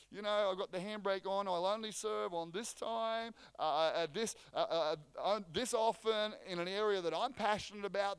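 A man preaching a sermon as pastor, energetic and joking, often restarting his phrases. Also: high voice, clear, resonant tone, no room sound. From Australia.

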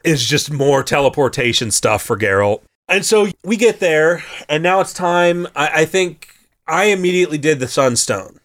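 A man chats casually about a video game he played. His fairly high voice swings widely in pitch, and he tells the story in an animated way, acting out the characters. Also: normal speed. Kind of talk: casual gaming chat.

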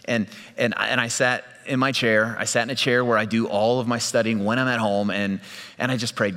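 A male pastor delivers a sermon in a casual, storytelling manner, often restarting his phrases. His voice is bright and forceful. It rings out with a long reverb, as in a large hall. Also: mid-range voice, steady tone, a little fast. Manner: conversational storytelling with repeated restarts.

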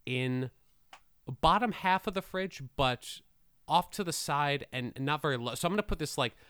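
A man co-hosting a comedy podcast, rambling and correcting himself in a good-natured way. His voice is mid-pitched and smooth. The sound is close and dry. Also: fairly bright tone, no room sound. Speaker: podcast co-host. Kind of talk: casual comedic chat.

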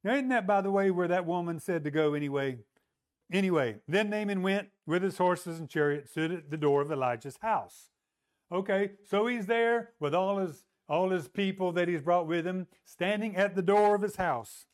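A man's voice: sits high, moderate pace. A man preaching a sermon, retelling a story and acting out the voices in quotes. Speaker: pastor.

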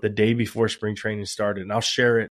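A man in his thirties from Texas, a ballplayer guest speaking in a relaxed, earnest way. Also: on the low side, a little fast. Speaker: professional baseball player guest. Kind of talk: casual interview.

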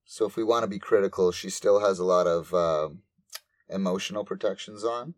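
Deep-voiced man telling a story. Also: a little fast. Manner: animated, profane storytelling. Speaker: podcast co-host. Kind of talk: casual chat.

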